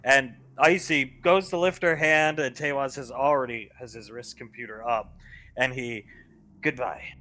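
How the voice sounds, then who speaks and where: Give me a bright-voiced man narrating a tabletop game as game master. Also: mid-range voice, normal speed. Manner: descriptive, steady narration.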